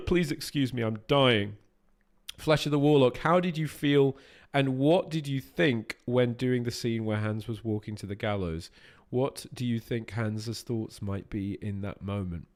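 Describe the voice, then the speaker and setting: A man's voice: mid-range voice, unhurried. A man, a voice actor, chatting casually with his stream viewers while playing a game, swearing freely as he answers their questions.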